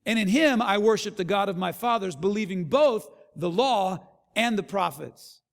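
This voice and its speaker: A man preaching a sermon as pastor, an animated storyteller who acts out the voices of the people in his stories. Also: high-pitched, moderate pace, creaky, big-room sound. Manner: animated storyteller acting out quotes.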